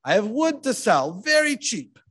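A man's voice: high voice, very animated, unhurried, fairly bright tone, husky, pitched above the performer's own voice, heavily acted. A man voicing a rabbi disguised as a peasant, speaking in a coaxing, rustic manner.

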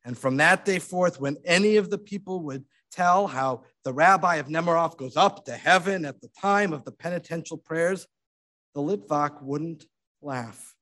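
Expressive male sermon storyteller. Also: a little high, normal speed. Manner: dramatic, hushed and expressive.

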